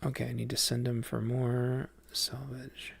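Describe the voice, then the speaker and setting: A man's voice: mid-range voice, flat delivery, measured pace, vocal fry, breathy edge. A man casually chatting on a livestream while playing a game, rambling with lots of fillers and restarts. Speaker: game streamer.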